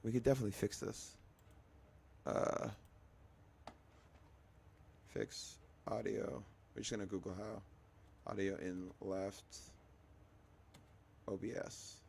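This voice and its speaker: A man with a low, gravelly, scratchy voice talks loosely on a livestream. He rambles half to himself while fixing settings, with a faint hiss underneath. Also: fairly even intonation, takes it slowly, long pauses, darkish tone. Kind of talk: casual livestream chat.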